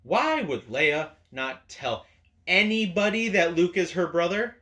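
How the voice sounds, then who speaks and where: Man, exasperated, sarcastic, swearing, ranting at camera, slightly high-pitched. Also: big pitch swings, unhurried, sharp tone. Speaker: video host. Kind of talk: ranting opinion video. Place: indoors at a camera.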